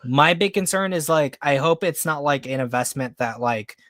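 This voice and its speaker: A man's voice: on the high side, animated, moderate pace, a bit bright, dry recording, studio quality. A man hosting a casual podcast chat, loose and joking, with lots of "like". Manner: loose, joking, heavy use of "like". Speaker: podcast host.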